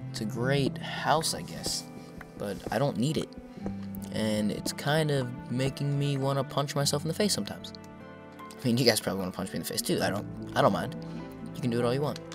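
A young man giving casual, self-mocking commentary over his own gameplay, chatting to viewers and breaking into excited outbursts at the game. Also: medium pitch, fairly quick. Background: background music.

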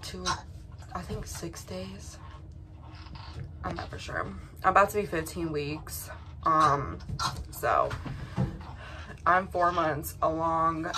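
A young woman talks straight to her viewers in a loose, rambling vlog chat. Her voice sits a little on the low side, and she circles back with plenty of ums and restarts. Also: noisy background. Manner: rambling, emotional, many fillers and restarts. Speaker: vlogger.

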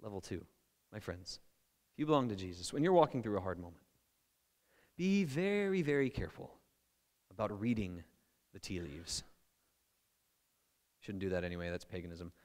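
A male pastor preaching a sermon in a conversational, animated way, with playful asides. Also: deep voice, normal speed, pauses often, big-room sound.

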